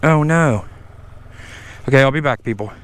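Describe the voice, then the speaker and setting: A man's voice: mid-range voice, moderate pace. An older man with a sore throat, rambling to his viewers in a casual motor vlog while riding country roads. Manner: chatty, talks to viewers as "people". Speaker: motorcycle vlogger. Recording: loud wind and engine noise. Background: motorcycle engine and traffic.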